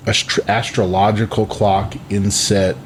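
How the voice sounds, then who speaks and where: A man co-hosting a podcast in casual chat, talking in halting bursts with many restarts. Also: on the low side, level tone, a little hiss or hum. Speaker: podcast co-host.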